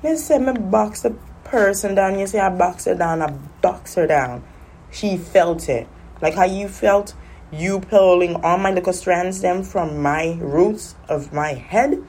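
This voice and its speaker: A young woman, telling stories in a sassy, animated casual rant, coughing now and then. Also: lowish voice, a little slow, breathy edge. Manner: animated, sassy storytelling with patois slips. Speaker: vlogger. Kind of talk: casual smoking-session rant.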